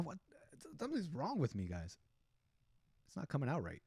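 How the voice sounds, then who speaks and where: Male streamer host, indignant sarcastic commentary, higher pitch, dry close-mic sound. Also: huge pitch swings, moderate pace, gravelly, a little mellow, breathy edge, no echo. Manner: sarcastic, indignant, laughs at own jokes. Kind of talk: ranting commentary over a video clip.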